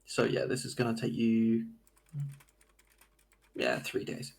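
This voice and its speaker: A man narrates a tabletop adventure as game master, his voice gravelly with fry. He talks in an easygoing, halting way, leaning on fillers as he goes. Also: mid-range voice, very animated. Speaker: dungeon master.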